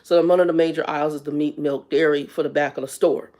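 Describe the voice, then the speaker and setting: A woman's voice: deep voice, steady tone, fast talker, warm tone. A blunt, exasperated woman in her fifties, ranting on a live stream as the channel's host. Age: 50s. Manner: blunt, exasperated, talks straight to viewers. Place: Arizona.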